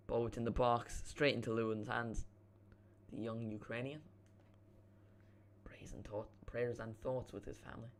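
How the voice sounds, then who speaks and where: A man's voice: medium pitch, gravelly, slight background noise. Chatty young man calling a match. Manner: chatty, swearing, self-mocking asides. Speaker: watchalong streamer. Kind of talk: casual live match commentary.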